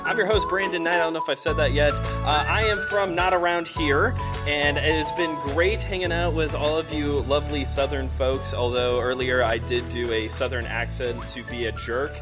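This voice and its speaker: A man's voice: fairly high pitch, steady tone, normal speed, few pauses, over music. Upbeat joking man hosting live. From northern US. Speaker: podcast host. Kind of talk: live podcast chat. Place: church hall with live audience.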